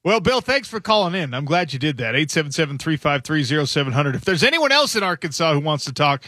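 Sports radio host, male, slightly higher pitched voice with bright, forceful tone, close dry studio mic, thinks out loud and chats casually. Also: sing-song, fast, no room sound. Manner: musing, conversational, thinks aloud. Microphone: studio microphone.

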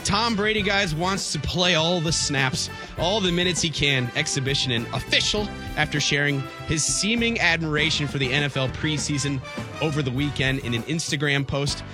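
A man's voice: on the high side, normal speed, over music. Male radio segment host reading headlines.

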